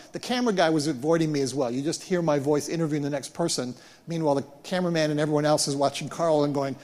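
A man preaching as a pastor, retelling events in an animated way and often repeating words as he restarts. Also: fairly high pitch. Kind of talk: sermon storytelling. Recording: long hall reverb.

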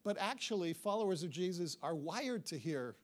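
A man delivers a sermon to a congregation, telling a personal story and slipping into the other people's voices as he goes. His voice sits a little higher than most men's. He sounds middle-aged. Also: normal speed. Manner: animated storytelling, acts out dialogue. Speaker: pastor.

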